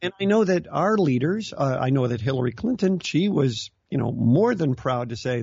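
A man's voice: mid-range voice, animated, moderate pace, creaky, few pauses, darkish tone, husky, no room sound, dull audio. A man chatting casually as a guest on a political radio talk show, joking and laughing often as he acts out quoted voices. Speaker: guest commentator.

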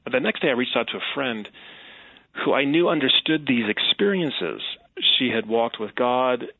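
Gravelly man telling his story over a thin line. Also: medium pitch, normal speed, no room sound. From Wisconsin, USA. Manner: earnest, reflective storytelling with soft laughs. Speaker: guest. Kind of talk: personal testimony in an interview. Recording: tinny phone-like line.

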